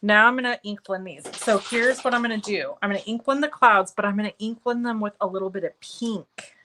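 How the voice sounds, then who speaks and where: Bright and forceful in tone, this woman's mid-range voice moves fairly quickly through a live cardmaking tutorial. The low-quality recording carries a little hiss or hum as she talks while working and answers commenters by name with self-deprecating humor.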